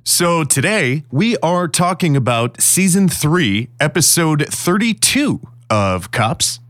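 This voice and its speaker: A man's voice: on the high side, sing-song, slow, a bit bright. A man from Illinois co-hosts a podcast in a loose, casual chat over beers. He rambles, leans on fillers and laughs easily. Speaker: podcast co-host.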